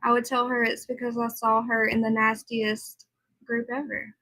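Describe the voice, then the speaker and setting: A woman hosts a casual livestream, talking easily and answering her viewers as she goes. She sounds tired, but her voice stays bright and a little high. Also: flat delivery, moderate pace, rough recording. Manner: chatty, reads and answers viewer comments. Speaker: livestream host.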